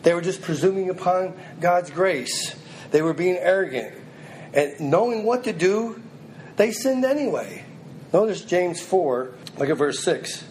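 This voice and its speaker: A man's voice: sits high, animated, unhurried, darkish tone, a little hiss or hum, low-quality recording. A man preaching a sermon, reading scripture aloud and then pressing it on his listeners in an earnest, emphatic way.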